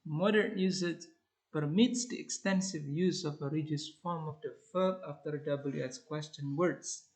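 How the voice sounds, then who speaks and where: A man reading a grammar lesson aloud as an English teacher, in a measured, deliberate way. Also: on the high side, poor audio.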